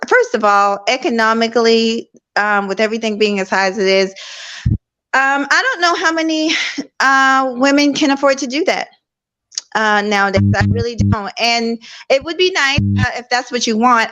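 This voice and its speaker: A middle-aged woman talking over a laptop call, earnest and telling a story in a lively way. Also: a little high. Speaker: guest. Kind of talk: casual conversation. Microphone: laptop online call.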